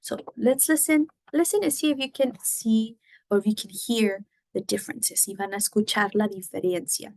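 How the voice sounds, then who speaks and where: A woman's voice: fairly high pitch, normal speed, gravelly, a little mellow, dry recording. A woman teaching a Spanish lesson, explaining in English and Spanish and often checking in with "right?". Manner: frequent fillers and restarts. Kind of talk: recorded lesson.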